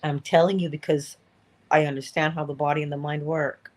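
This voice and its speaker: A woman's voice: sits low, little pitch movement, brisk, a little mellow. A woman speaks to her listeners in a motivational livestream talk. She is earnest and coaching, and she repeats her key phrases to press them home. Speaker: inspirational speaker.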